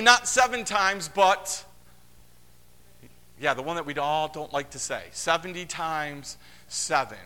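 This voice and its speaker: Lively pastor, talks to the congregation like a friend, voices the characters in his stories, bright tone, big reverberant hall. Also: gravelly. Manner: animated, conversational, acts out quotes with big pitch swings. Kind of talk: sermon.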